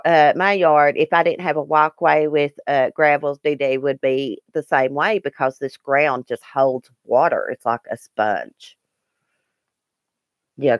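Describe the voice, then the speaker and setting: A woman's voice: sits low, no echo, lo-fi sound. A woman hosting a casual live stream, chatting earnestly with viewers and replying to their comments. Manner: chatty and earnest, with frequent ums and restarts. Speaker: YouTube live-stream host.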